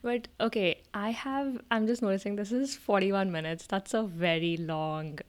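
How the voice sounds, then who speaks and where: A woman's voice: mid-range voice, steady tone, moderate pace. A woman from India, co-hosting a casual podcast chat and laughing easily. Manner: chatty, many "like" fillers, laughs easily. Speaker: podcast co-host.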